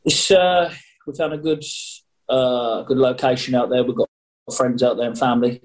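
A man's voice: medium pitch, steady tone, normal speed, darkish tone, poor audio. Cheeky man on a video call. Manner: cheeky, jokey, rambling. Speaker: boxer interviewee. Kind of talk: casual remote interview.

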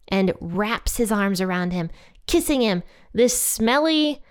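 A woman's voice: mid-range voice, smooth. A woman giving an informal sermon, speaking in an earnest, conversational and emphatic way. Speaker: speaker giving a church talk.

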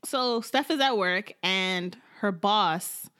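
A woman's voice: mid-range voice, slow pace, clear, resonant tone. A woman co-hosting a casual TV recap, playfully acting out the characters' lines. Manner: playful, animated, acts out dialogue. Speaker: podcast co-host.

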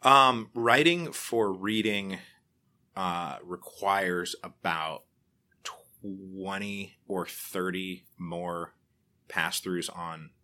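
A man talking in a relaxed interview, telling stories with lively acted-out reactions and frequent laughs. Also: low voice, extremely slow. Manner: animated storyteller, acts out quoted reactions, laughs often. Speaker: podcaster guest. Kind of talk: casual interview chat.

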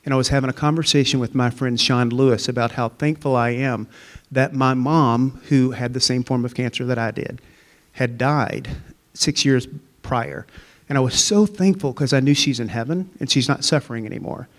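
A man's voice: medium pitch, moderate pace. A man in his fifties telling an earnest personal faith story as a guest in a church interview. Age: 50s.

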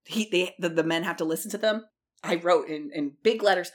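A woman co-hosting a podcast in casual chat, animated and gossipy, swearing freely. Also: lowish voice, normal speed. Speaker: podcast co-host.

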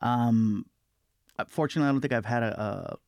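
A male stand-up comedian as an interview guest, talking in a relaxed, self-deprecating way with lots of fillers. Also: medium pitch, fairly quick, no echo, studio quality. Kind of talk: casual interview chat.

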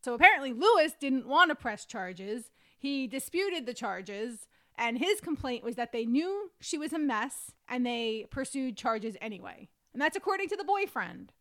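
A woman co-hosting a podcast, reading through case details and quoted statements at a steady pace. Her voice is somewhat higher than most women's. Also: normal speed, hardly any pauses. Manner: steady narration of notes and quotes. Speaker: podcast co-host.

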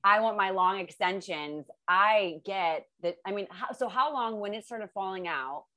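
A woman's voice: mid-range voice, moderate pace, bright, forceful tone. A woman podcast host asking casual, rambling questions that keep interrupting themselves.

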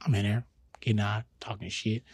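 A young adult man, a comedian guest, telling a slangy, animated story on a podcast. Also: lowish voice, fairly quick, breathy edge, no room sound, clean studio sound. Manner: animated, slangy, acts out scenes.

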